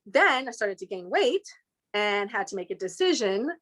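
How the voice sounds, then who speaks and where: A woman from Inglewood, California, appears as an interview guest and tells stories with lively voice imitations and quick pitch jumps. Her talk is animated storytelling.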